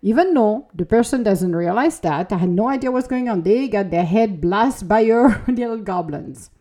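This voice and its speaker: A woman hosting her own podcast, giving a reflective self-help talk in an expressive, conversational way. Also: medium pitch, normal speed. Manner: expressive, conversational, acts out inner voices. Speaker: podcast host.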